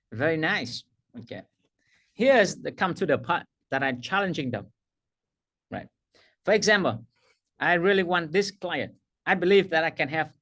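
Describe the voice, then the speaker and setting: A man's voice: on the high side, fairly bright tone. A middle-aged man teaching a coaching workshop, emphatic, repeating his key phrases and laughing at himself. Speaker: coaching trainer.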